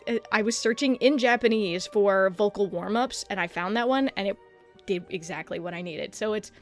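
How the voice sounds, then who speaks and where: Woman streamer just chatting, rambly and sweary, mid pitch, bit of music in the back. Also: normal speed. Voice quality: slight lisp-like clicking from a tongue piercing. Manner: rambling, self-deprecating, swears casually; experimenting with pitching her voice deeper. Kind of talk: casual livestream chat.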